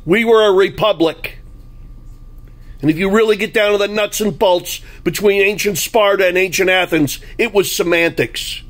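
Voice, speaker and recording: A man's voice: sits high, moderate pace. A man delivering a blunt, combative political monologue, full of anecdotes. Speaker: political commentary host.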